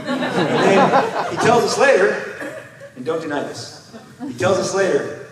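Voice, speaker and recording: Excitable stammering man in an echoey hall. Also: sits high, a little slow, pauses often, crowd noise. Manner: excitable, rambling, stammering restarts, acts out quotes. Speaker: panel guest, comic creator. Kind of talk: animated convention panel storytelling. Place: large convention hall. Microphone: recorded from far off in the audience. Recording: echoey convention hall from far off.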